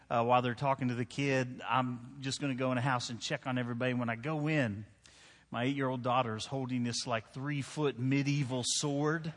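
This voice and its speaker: A mid-pitched, slightly bright-voiced pastor in his thirties delivers a sermon full of personal stories to his congregation in a church hall. He's easygoing and conversational, cracking jokes and asking the crowd "right?" for agreement. His voice rings out with a long reverb off the large hall.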